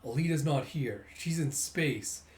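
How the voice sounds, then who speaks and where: Give me a calm, confident male leader explaining his plan, read by a man, in a slightly echoey room. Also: fairly high pitch, unhurried, natural voice. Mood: measured. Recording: roomy echo.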